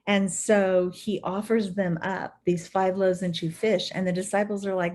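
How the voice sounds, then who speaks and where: A woman leading a devotional Bible study with an animated, storytelling delivery. She keeps the passages lively as she explains them, and her voice sits at a middle pitch. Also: moderate pace, hardly any pauses.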